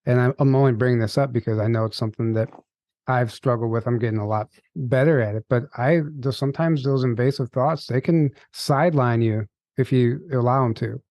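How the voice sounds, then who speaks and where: A man's voice: mid-range voice, a little fast, a little mellow, no room sound. A man hosting a podcast, speaking candidly and a bit hesitantly as he searches for his words. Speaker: podcast host. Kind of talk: casual conversational interview.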